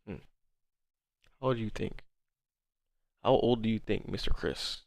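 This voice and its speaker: A young man in his twenties chats with viewers on a trading livestream, drawling along at an unhurried pace. He laughs often, swears freely and calls everyone bro. His voice is close and dry, with no room around it. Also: on the low side, creaky, darkish tone, dry recording. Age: 20s. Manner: laughs hard, swears, bro-heavy banter. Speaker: forex livestream host. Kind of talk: casual livestream chat.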